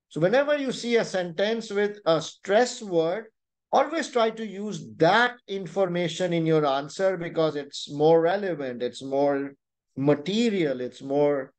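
Slow, high-voiced male tutor with Pakistani accent. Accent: Pakistani English. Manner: slow, deliberate instruction with frequent "you know" and "right?". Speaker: exam tutor. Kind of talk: online webinar lesson.

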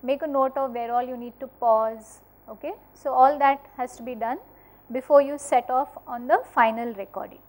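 A woman's voice: high voice, fairly even intonation, normal speed, a little mellow. A woman teaching a spoken lesson in a friendly instructive way, often checking in with "okay?" and a few filler words. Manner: uses fillers and restarts.

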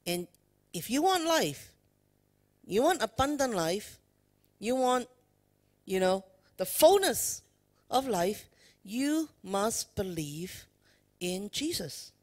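A woman's voice: mid-range voice, very animated, slow, pauses often, a little mellow. A woman preacher giving an emphatic sermon, asking the congregation questions. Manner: emphatic, addresses the congregation with questions and "you know" fillers. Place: church worship service.

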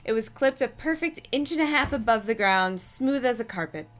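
A woman's voice: on the high side, lively intonation, moderate pace, a bit bright. A woman podcast co-host reading a children's book aloud, with dry joking asides.

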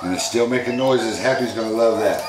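Low-voiced man chatting to his pet. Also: a little fast, roomy sound, very noisy. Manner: chatty, talks sweetly to his pet monkey. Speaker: pet vlogger. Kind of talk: casual unboxing chat.

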